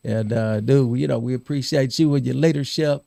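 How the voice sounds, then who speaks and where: A middle-aged man hosting a podcast, telling lively stories about his college team, laughing and repeating himself as he goes. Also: medium pitch, normal speed, creaky, no room sound, clean studio sound. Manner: animated storyteller, laughs and repeats words. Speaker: podcast host. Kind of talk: casual storytelling chat.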